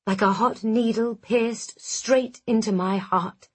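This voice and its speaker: A woman reading a first-person dark fantasy audiobook in a measured, dramatic way. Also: fairly high pitch, fairly even intonation, husky. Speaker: audiobook narrator. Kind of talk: first-person scripted narration.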